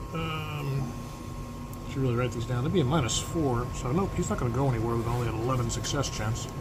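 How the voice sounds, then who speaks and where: Man calling a tabletop baseball replay. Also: medium pitch. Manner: broadcaster-style calls mixed with asides about dice rolls. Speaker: replay host and play-by-play announcer. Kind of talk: mock radio play-by-play of a tabletop baseball game. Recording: air-conditioning hum in the background.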